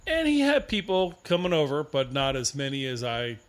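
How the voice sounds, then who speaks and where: A man's voice: medium pitch, wildly swooping pitch, normal speed. A man co-hosting a podcast in laid-back casual chat, rambling a bit and swearing casually. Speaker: podcast co-host.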